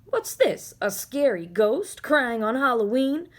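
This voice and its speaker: A woman voicing a squeaky, mocking little male bat in a storybook. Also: very animated, takes it slowly, full character voice. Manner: high squeaky taunting.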